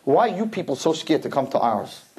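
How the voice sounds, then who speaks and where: A cocky young male student, husky and pressing his point, put on by a man preaching. His pitch stays lower than the speaker's usual. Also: sing-song, brisk, a little mellow, full character voice. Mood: challenging. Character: confident young male student challenging a classmate.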